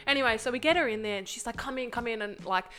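A young woman telling a story in casual chat, animated, swearing and acting out the people she quotes. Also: fairly high pitch, racing, faint music behind.

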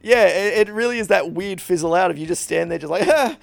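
Young man, casual rambling chat, self-deprecating; fairly high voice with a gravelly edge. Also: fast, dry recording. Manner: rambling, self-deprecating, acts out little dialogues.

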